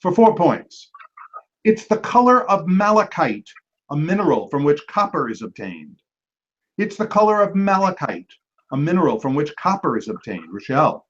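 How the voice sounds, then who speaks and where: A man hosting a trivia match, reading each clue and then repeating it slowly, with quick joking asides to the teams. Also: on the high side, sing-song, a bit bright. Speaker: trivia quizmaster. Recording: dull lo-fi recording.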